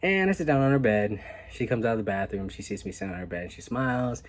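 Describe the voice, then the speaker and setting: A young man casually telling a story on his vlog, animated and laid-back, with a lot of "like" and some swearing. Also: medium pitch, fast. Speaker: vlogger.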